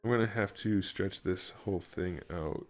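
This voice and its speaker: Soft music sits behind a low-pitched man speaking at normal speed. He's on a live stream working on a toy figure, thinking aloud, muttering to himself, and making joking side comments to his audience.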